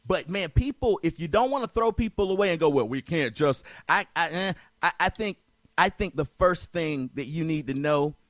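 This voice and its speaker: A man hosting a talk show makes his case insistently, repeating himself and cutting in on the other voice. His voice sits a little high. The sound is dry, with no room echo. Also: normal speed, a bit bright. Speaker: podcast host. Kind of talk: heated debate.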